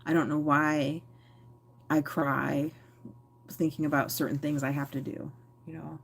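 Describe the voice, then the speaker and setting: A woman vlogger speaks to camera in a low, deep voice. She sounds reflective and rambling, often pausing and correcting herself. A faint background hum sits under her voice. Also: little pitch movement, creaky. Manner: reflective, rambling, with frequent fillers and self-corrections. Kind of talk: candid personal talk to camera.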